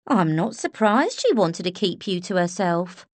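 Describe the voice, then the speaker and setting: A woman voicing a flamboyant, teasing woman nurse with an Estuary accent, loud and sassy. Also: fairly low pitch, sing-song, a little slow, no echo. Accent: Estuary English.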